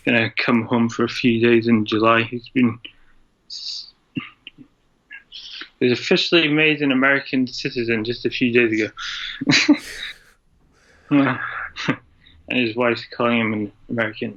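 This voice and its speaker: Flat-voiced Scottish-born man, hesitant. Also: mid-range voice, measured pace, pauses often. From Scotland. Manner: rambling, hesitant, laughs often. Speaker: podcast guest, drummer. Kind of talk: casual interview chat. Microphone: video call. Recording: dull lo-fi internet call audio.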